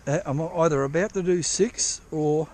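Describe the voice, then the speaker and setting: A man with a slightly high, a little mellow voice vlogs outdoors at a moderate pace, prospecting for gold in the drizzle at a dig site. He rambles on, swearing heavily and often breaking off to restart.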